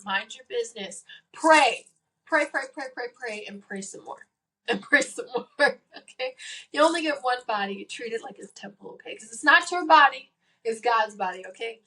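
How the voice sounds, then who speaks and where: Teen girl host, higher voice, sincere faith advice, sits a little off the mic. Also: a bit bright, far from the mic, poor audio. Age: late teens. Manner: earnest, emphatic, repeats key phrases. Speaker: podcast host. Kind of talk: faith-based advice podcast.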